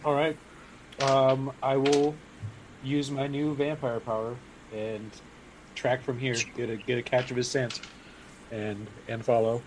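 A man playing his character in a tabletop role-play, relaxed and unhurried. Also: medium pitch, noisy background. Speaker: player.

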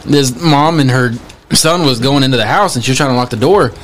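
A man's voice: mid-range voice, a little fast, a bit bright. A man co-hosting a podcast, telling rambling stories in casual chat. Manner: rambling storyteller, lots of fillers and repeats. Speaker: podcast co-host.

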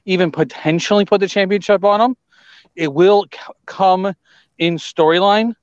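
A man co-hosting a casual wrestling podcast, talking through his opinions in an excitable, rambling way. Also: sits high, moderate pace, dry recording. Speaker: podcast co-host. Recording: dull lo-fi sound.

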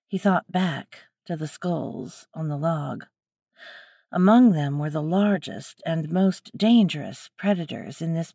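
A woman narrating a scripted adventure story with a measured, steady reading. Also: on the low side, vocal fry, no echo, studio quality.

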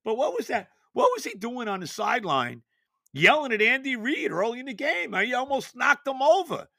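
Man, older, podcast host, emphatic, rhetorical questions, bright tense voice, dry close sound. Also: very high-pitched, very animated, normal speed, creaky, no room sound. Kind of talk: casual sports talk.

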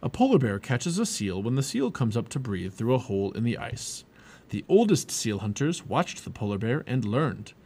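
A man voicing an adult male seal hunter in a read-aloud storybook, speaking in a steady, unhurried way. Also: mid-range voice, slightly rough. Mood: calm.

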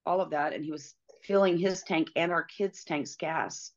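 Woman, middle-aged, very low voice, earnest, halting, dull lo-fi sound. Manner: earnest, halting, many pauses and fillers. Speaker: guest. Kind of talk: personal storytelling.

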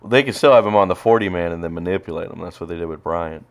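Deep-voiced guy rambling on a podcast, swears a lot, lots of uhs. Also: fast talker. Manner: rambling, profane, lots of fillers. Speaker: podcast co-host. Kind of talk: casual chat while watching a baseball game.

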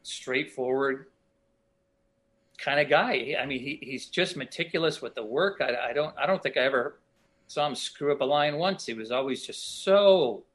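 A middle-aged actor telling casual, animated stories from past shoots in an interview, often acting out other people's lines. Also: male voice, mid-range voice, moderate pace. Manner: animated anecdotes, voices other people in quotes. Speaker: actor guest.

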